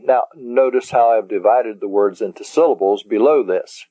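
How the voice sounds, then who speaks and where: A man teaching a taped language lesson, speaking deliberately and spelling words out syllable by syllable. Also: on the low side, mellow, dry recording. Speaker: Greek teacher. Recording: dull lo-fi cassette tape.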